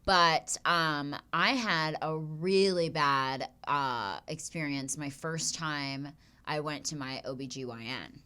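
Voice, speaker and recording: A woman in her twenties hosting a podcast, telling stories in animated casual chat and swearing freely. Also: low-pitched, slow pace, clean tone. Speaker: podcast host.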